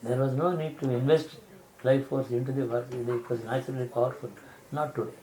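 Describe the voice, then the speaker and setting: A man giving a spiritual discourse, explaining slowly and restarting phrases to rephrase his examples. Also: mid-range voice, fairly even intonation, mellow, poor audio. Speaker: spiritual teacher.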